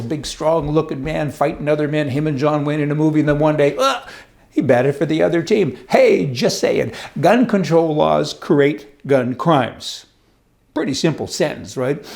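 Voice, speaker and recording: A man with a gravelly, slightly high voice hosts his own show of political commentary. He talks in a folksy, sarcastic way, tossing out wisecracks and rhetorical questions to his listeners. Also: darkish tone. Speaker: host.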